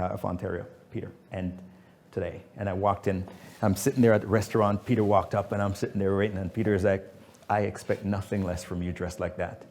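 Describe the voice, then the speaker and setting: A man's voice: mid-range voice, darkish tone. A man, a business founder speaking as guest at a fireside chat, telling stories emphatically and acting out quotes.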